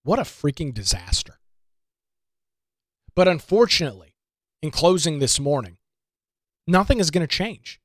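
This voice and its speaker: A man hosts a political talk show, pressing his points with emphatic, indignant repetition. His voice sits a little high for a man. The sound is close and dry, with no room around it. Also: very animated, normal speed, pauses often, no echo. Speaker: radio talk show host.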